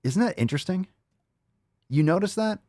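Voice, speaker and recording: This show host has a fairly high voice with a darkish tone and lively intonation, speaking at a moderate pace over clean studio sound with no echo. He crudely mocks his subject in sarcastic rants, using mock voices along the way.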